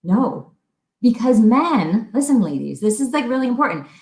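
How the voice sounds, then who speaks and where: A woman co-hosting a fitness talk, giving chatty, animated relationship advice and acting out little quotes. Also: fairly high pitch, moderate pace. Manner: chatty, animated, laughs often, acts out quotes. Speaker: fitness coach co-host. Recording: echoey room.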